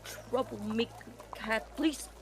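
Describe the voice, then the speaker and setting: A woman voicing a gruff but gentle male knight who talks in short, clipped phrases. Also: on the high side, slow pace. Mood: scolding.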